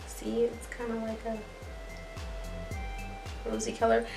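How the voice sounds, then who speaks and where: A woman's voice: mid-range voice, normal speed. A young adult woman chatting casually to camera as a beauty vlogger, rambling and laughing at herself. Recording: echoey room with faint music.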